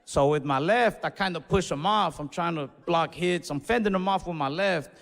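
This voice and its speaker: A young man telling a stand-up story in a laid-back, swearing way, acting out his own yells. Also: fairly high pitch, moderate pace. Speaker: stand-up comedian. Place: comedy club stage. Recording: live stage recording in a reverberant hall.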